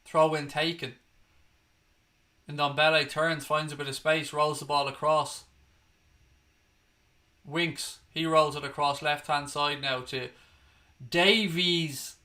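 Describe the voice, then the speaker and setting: A young Irish man calls the match live for his watchalong, blunt and sweary, flaring into outrage at bad calls. His voice sits a little high and rings bright and forceful. He keeps talking over the play without pause. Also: fairly even intonation. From Ireland. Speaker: watchalong host. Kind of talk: live match commentary and chat.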